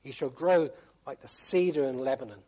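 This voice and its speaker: A man's voice: medium pitch, moderate pace, warm tone. A man preaching a sermon, emphatic, repeating key phrases and asking rhetorical questions.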